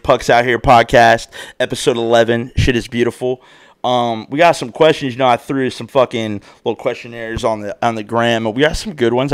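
A man's voice: medium pitch, clear, resonant tone. A man in his thirties hosting a podcast solo, rambling in casual chat with slang and constant swearing. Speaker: podcast host.

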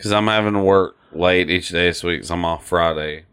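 A man in casual podcast chat, swearing freely and animatedly retelling cartoon scenes, slipping into quick put-on voices. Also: deep voice, a bit bright, clean tone. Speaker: podcast co-host.

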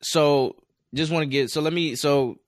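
A man's voice: a little high, fairly even intonation, normal speed, dry recording, studio quality. A man co-hosting a casual chat show, talking in a loose, rambling way with many fillers and restarts. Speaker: podcast co-host.

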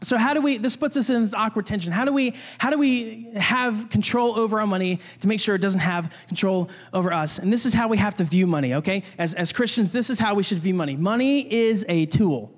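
A man's voice: high-pitched, fast talker, hardly any pauses, big-room sound. A young man preaching a casual sermon, talking conversationally with restarts and jokey asides. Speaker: pastor.

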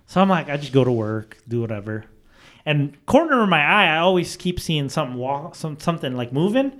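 A man telling a story in casual chat, animated and profane, acting out the people he quotes. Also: fairly high pitch, fairly quick.

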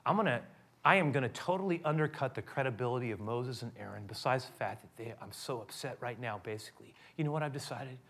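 A man voicing an angry Pharaoh who is drunk on power, in a sermon retelling. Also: fast. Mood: brooding. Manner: muttering low in private, then shouting.

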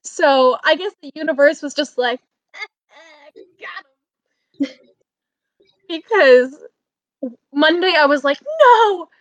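A young woman in college telling a story over a video call, animated and breaking into loud exclamations. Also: high-pitched, takes it slowly, no echo, muffled recording. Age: young adult. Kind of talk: casual chat.

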